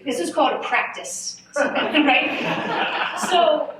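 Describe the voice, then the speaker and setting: A woman speaking on a conference panel, telling frank, lively stories and poking fun at herself. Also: sits high, drawn-out words, background noise. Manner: candid, lively storytelling with self-mocking asides. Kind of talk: live panel talk at a marketing summit. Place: large event hall. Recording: echoey hall, voice from far off.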